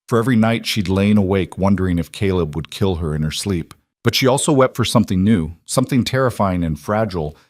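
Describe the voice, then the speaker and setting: A man narrating a frontier storybook, slow, solemn and measured. His voice sits low. The recording is close and dry. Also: darkish tone, no echo.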